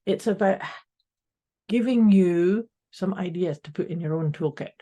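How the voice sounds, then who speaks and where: A woman's voice: on the low side, a little slow, mellow. A woman co-hosting a podcast in an upbeat, casual way, speaking directly to her listeners. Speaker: podcast co-host. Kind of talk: casual motivational chat.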